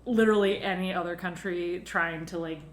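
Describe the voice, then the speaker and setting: A woman co-hosting a casual podcast chat, blunt and quick to laugh. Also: on the low side, fairly even intonation. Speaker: podcast co-host. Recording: echoey room.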